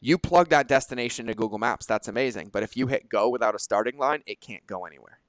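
A man hosting a podcast in casual conversation, energetic and animated, swearing freely and acting out quoted exchanges. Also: mid-range voice, fast, smooth, no room sound. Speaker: podcast host.

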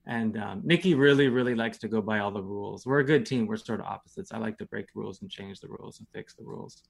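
A man's voice: lowish voice, fast talker, gravelly. A man in his thirties, a guest in casual chat, telling stories in a laid-back, rambling way full of fillers.

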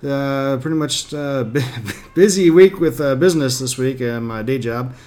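Relaxed male host, chatty, unscripted intro, ordinary pitch. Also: moderate pace. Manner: relaxed, filler-heavy. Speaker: author and podcast host. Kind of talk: casual spoken intro.

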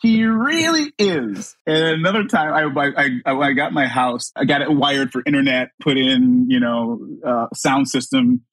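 A man guest on a podcast, telling a story in casual chat, animated and laughing often as he acts out the people in it. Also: medium pitch, moderate pace, few pauses, dry recording.

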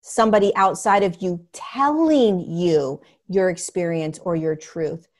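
A woman's voice: lowish voice, measured pace, darkish tone. A woman guest speaking earnestly and emphatically in casual conversation as a spiritual teacher, often acting out what people say. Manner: earnest, emphatic, acts out quotes.

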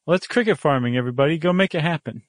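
A man co-hosting a podcast in casual, playful chat, joking and animated. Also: a little high, rapid-fire, dry recording, clean studio sound. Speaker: podcast co-host.

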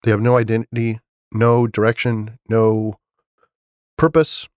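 A man's voice: on the low side, flat delivery, a little slow, a little mellow, no room sound. Casual rambling man, dry close mic. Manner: casual, rambling, many fillers and restarts; enthusiastic about his setup. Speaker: podcast host. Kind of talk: solo podcast monologue.

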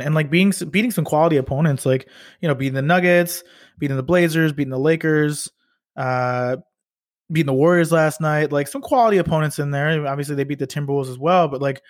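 Young male podcast co-host, quick casual talker, dry close sound. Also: a little high, no room sound. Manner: fast, loose, swears casually. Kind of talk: casual sports chat.

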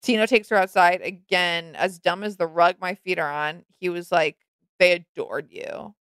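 A woman's voice: lowish voice, moderate pace, fairly bright tone, smooth, no echo. A young woman co-hosting a podcast, gossiping animatedly and acting out quotes in casual chat. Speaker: podcast co-host.

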